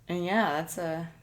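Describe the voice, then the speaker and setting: A woman hosting a podcast, telling a personal story in an earnest, soft-spoken, reflective way with light laughs. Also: fairly low pitch. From United States. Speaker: podcast host.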